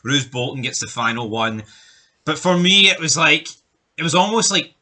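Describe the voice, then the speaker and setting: Man, opinionated co-host, casual chat, very sharp bright tone. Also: on the high side, expressive, normal speed. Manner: opinionated, steers the talk, repeats words when starting. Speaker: podcast co-host. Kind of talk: casual chat ranking TV deaths.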